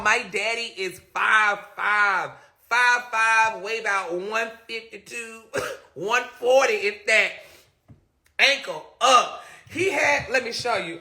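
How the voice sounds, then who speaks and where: Male streamer, very bright tone, animated storytelling with frequent laughs. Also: very high-pitched, slow pace, vocal fry. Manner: animated, laughs often, talks straight to viewers. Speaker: live streamer. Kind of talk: casual storytelling on a live stream.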